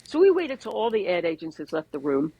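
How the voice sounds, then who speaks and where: A woman, an advertising executive, telling animated stories with wry jokes as a podcast guest. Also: on the low side, a little fast, slightly rough, dry recording, low-quality recording. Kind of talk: conversational storytelling. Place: podcast interview.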